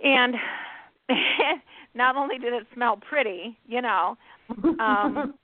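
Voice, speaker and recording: A woman's voice: on the high side, takes it slowly, dry recording. A woman hosting a talk radio show, chatting in a casual, conversational way with many fillers. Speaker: host. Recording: thin phone line, dry.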